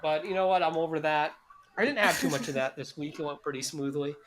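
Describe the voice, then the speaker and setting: A man's voice: a little high, fast, fairly bright tone, a little hiss or hum. A young man co-hosting a podcast, talking in a cynical, heavily profane, rambling way. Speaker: podcast co-host. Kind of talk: casual chat.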